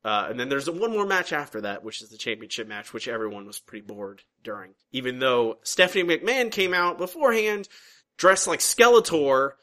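Podcast co-host, male, bright tone, rambling casual delivery with frequent restarts. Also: mid-range voice, big pitch swings, normal speed. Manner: rambling, restarts sentences, recaps at length. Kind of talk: casual chat.

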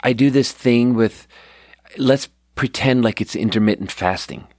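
A man's voice: mid-range voice, measured pace, a little mellow, no room sound, clean studio sound. A young man telling a rambling, profane, self-deprecating story in a casual podcast monologue, sleep deprived. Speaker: podcast host.

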